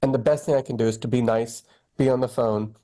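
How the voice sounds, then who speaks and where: A man's voice: medium pitch, fast. A middle-aged man, an oncologist being interviewed, talking candidly and acting out quoted phone calls as he tells stories. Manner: candid, animated storytelling with quoted dialogue. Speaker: oncologist guest. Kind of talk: conversational interview.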